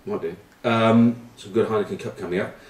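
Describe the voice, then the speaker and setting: A man's voice: fairly low pitch, steady tone, brisk, a little mellow. A man, a former rugby player, chatting casually as a pundit and telling loose anecdotes full of ums and uhs. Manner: rambling storyteller, full of ums and uhs, dry banter. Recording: roomy, from a distant mic.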